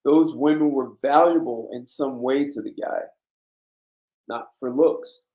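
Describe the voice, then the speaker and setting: A man's voice: medium pitch, unhurried, mellow. A man hosting a blunt, emphatic monologue in a casual, lecturing way. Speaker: host. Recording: roomy echo.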